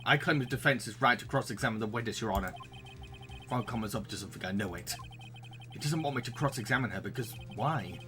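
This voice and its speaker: A man's voice: mid-range voice, fast talker, over music. A man reading game dialogue aloud during a playthrough, with playful asides.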